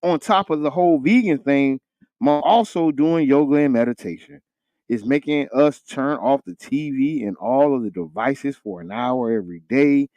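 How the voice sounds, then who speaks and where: A man co-hosting a morning radio talk show, with casual, animated banter. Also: moderate pace, dry recording, muffled recording. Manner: animated, jumps high when joking, laughs often. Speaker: radio co-host.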